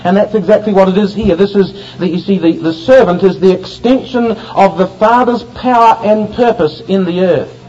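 Man, high-pitched voice, sermon preacher, rhetorical questions, muffled lo-fi recording. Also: normal speed, few pauses, warm tone. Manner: expository Bible teaching, rhetorical questions to the congregation. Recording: dull lo-fi recording with faint ambient noise.

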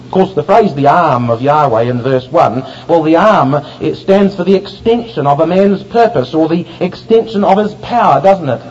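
A man delivers an expository sermon, his voice sitting high for a man. He teaches verse by verse and puts questions to his listeners. The recording is muffled and lo-fi, with a faint hiss of room ambience. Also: animated, moderate pace, hardly any pauses, a little mellow. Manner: expository Bible teaching, rhetorical questions to the congregation. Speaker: preacher.

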